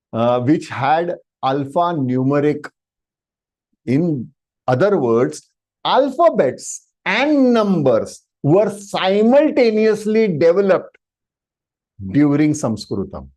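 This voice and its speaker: A man with an Indian English accent leads a live online language class over a call. His voice sits a touch high, and he draws out sample vowels to show how they should sound, filling gaps with soft "uh"s. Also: animated. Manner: demonstrative, drawn-out vowel sounds, frequent "uh" fillers. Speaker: Sanskrit teacher. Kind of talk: online workshop lesson. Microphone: video call microphone.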